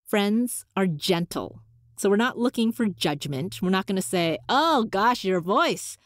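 A woman hosting a solo podcast, coaching listeners in an encouraging, animated way with playful voice shifts. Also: medium pitch. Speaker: podcast host.

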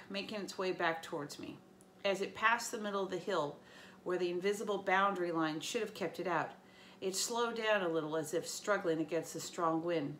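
Female teacher reading a chapter aloud to sixth graders, lively and bright. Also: mid-range voice, slight background noise. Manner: lively storytelling with small slips. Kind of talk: reading a novel aloud to students.

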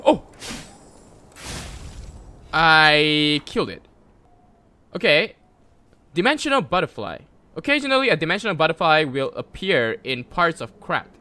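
A man giving casual gameplay commentary, excitable and jokey, talking to the game characters and yelling at sudden moments. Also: fairly high pitch, unhurried, long pauses. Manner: jokey, mock-sarcastic. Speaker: gameplay video creator.

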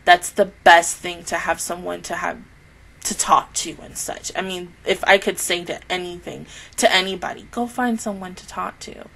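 A woman's voice: fairly low pitch, steady tone, moderate pace, creaky, a bit bright, rough recording. A woman talking earnestly and heartfelt as an anime reaction YouTuber, rambling in a casual spoken review to the camera.

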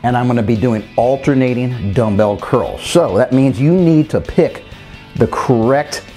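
A man's voice: mid-range voice, measured pace, dark tone, soft background music. Upbeat male fitness coach explaining workouts. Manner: coaching, addresses viewers as guys, counts reps aloud. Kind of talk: workout instruction.

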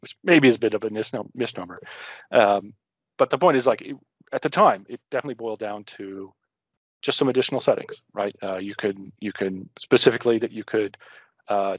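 A man's voice: mid-range voice, no echo, lo-fi sound. A man giving a casual technical talk to a user group over a video call, rambling and self-interrupting with frequent jokes.

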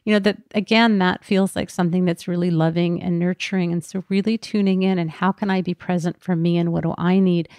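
A woman hosts her podcast in an earnest, candid voice, turning her thoughts over out loud. Her voice sits low with a gravelly edge. The sound is close and dry. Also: fairly even intonation, a little fast, hardly any pauses, dry recording. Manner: candid, self-reflective, earnest. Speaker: podcast host. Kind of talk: reflective personal talk.

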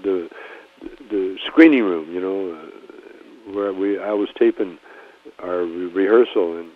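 A man's voice: low-pitched, slow. A man, a comedian guest in a casual phone interview, talking in a rambling, laid-back way full of restarts and "you know". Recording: tinny phone line.

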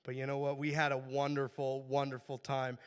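A man with a hoarse, worn-out voice gives church announcements and leads an earnest, reverent spoken prayer. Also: mid-range voice, monotone, fairly quick. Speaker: church leader. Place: church sanctuary. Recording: long church-hall reverb.

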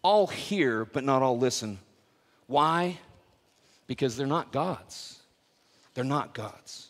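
A man's voice: medium pitch, lively intonation, slow. A male pastor preaching a sermon in a church, telling a story with playful asides to the congregation. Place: church worship center. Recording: long hall reverb.

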